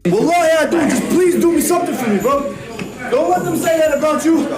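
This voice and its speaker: A very high-pitched man yells commands as a fitness coach, pushing hard. He is recorded in an echoey gym, with a loud crowd all around him. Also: animated, quick pace. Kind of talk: shouted coaching.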